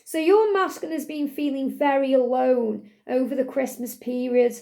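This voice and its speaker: High, gravelly woman giving a gentle reading. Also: steady tone, normal speed. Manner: gentle, reassuring, repeats phrases with many "you know" fillers. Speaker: tarot card reader. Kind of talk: channeled love reading.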